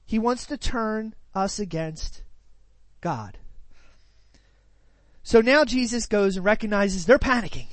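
A woman's voice: mid-range voice, measured pace, dry recording. A woman preaching, who retells a scripture passage and then teaches it in a conversational way, full of rhetorical questions and "right?" tags.

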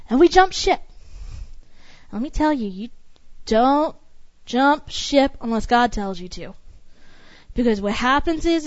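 A woman's voice: sits high, expressive, a little slow, long pauses, no echo, muffled recording. A woman preaching a sermon in an emphatic, repetitive cadence.

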